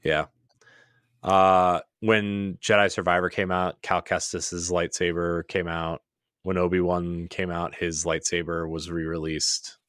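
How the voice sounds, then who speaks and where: A man's voice: sits low, level tone, unhurried, fairly bright tone, smooth, dry recording, studio quality. A man co-hosting a podcast in casual chat, rambling with lots of "like"s and restarts. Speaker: podcast co-host.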